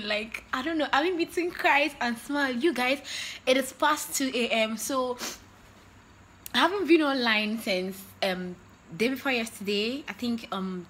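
A young Nigerian woman vlogging in a casual, excitable way, often breaking into laughter. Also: medium pitch, a little hiss or hum. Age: young adult. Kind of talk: casual vlog chat.

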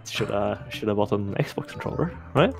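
A man's voice: fairly low pitch, moderate pace, vocal fry, music in the background. A man streaming a video game with a friend, chatting casually, laughing often and restarting his sentences. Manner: laughing, excitable, frequent restarts. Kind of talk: casual gaming chat.

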